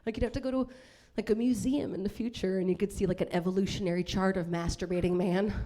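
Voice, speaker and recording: A woman's voice: medium pitch, fairly even intonation, fast, dark tone. A woman performing a bawdy live stand-up set in a comedy club, brash and laughing at her own jokes.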